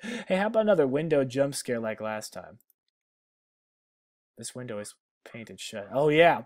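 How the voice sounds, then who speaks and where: A man's voice: medium pitch, sing-song, moderate pace, darkish tone. A man hosting a let's play, reacting to the game with sarcastic jokes and the odd curse. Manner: sarcastic, joking, swearing. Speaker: gaming channel host.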